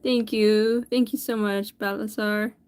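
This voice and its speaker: This livestreaming artist speaks in an unhurried, mid-range voice with little pitch movement and a darkish tone. She chats casually with viewers as she draws, greeting them by name and often tripping up and correcting herself.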